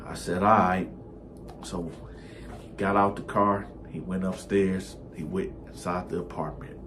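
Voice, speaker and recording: A man telling a first-person story in a casual, conversational way, animated and restarting his sentences often. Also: deep voice, unhurried, noisy background.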